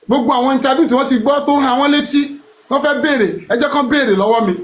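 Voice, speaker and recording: A middle-aged Nigerian man speaking rapidly and emphatically as a guest in a live online session. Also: steady tone. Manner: rapid, emphatic, high-pitched. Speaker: guest answering questions. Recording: roomy echo.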